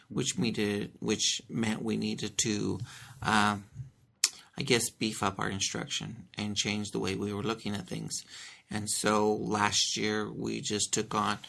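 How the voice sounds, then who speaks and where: A man who is an elementary school principal, answering interview questions earnestly, with many pauses and restarts as he explains his school. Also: on the low side, gravelly, a bit bright.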